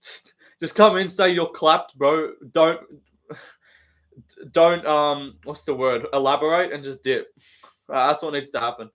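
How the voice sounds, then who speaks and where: A man's voice: a little high, steady tone, a little slow, long pauses, a bit bright. A young man in his twenties with an Australian accent hosting a casual live stream, reading comments in a joking, laid-back way full of slang and swearing.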